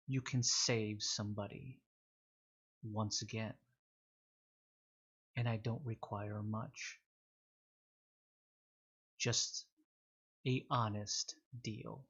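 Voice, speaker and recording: A man voicing a disembodied presence that coaxes a listener with offers of power, speaking softly and slowly. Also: medium pitch, slightly rough, muffled recording, exaggerated voice. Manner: soft, coaxing, slow.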